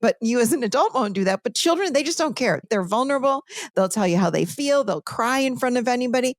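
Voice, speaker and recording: A woman as a podcast guest and author, explaining ideas with lively, animated storytelling in a conversational teaching style. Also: fairly high pitch, fast, no room sound, studio quality.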